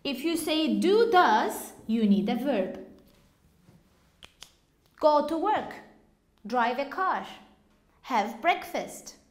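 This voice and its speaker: Slow, high-voiced woman teaching English. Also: very animated. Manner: slow, patient explaining with questions to students. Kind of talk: classroom teaching. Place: classroom. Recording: echoey classroom.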